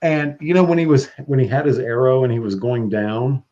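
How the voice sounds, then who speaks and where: A man talking as a podcast guest, excitable and profane, laughing often. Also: medium pitch, a little fast, highs cut off. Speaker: guest practitioner. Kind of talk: casual podcast chat.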